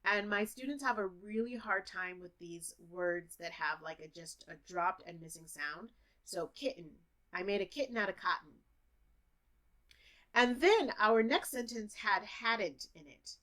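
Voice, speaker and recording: A woman's voice: medium pitch, a bit bright. A woman English teacher giving a close-up pronunciation lesson to camera, playfully repeating words to model their sounds.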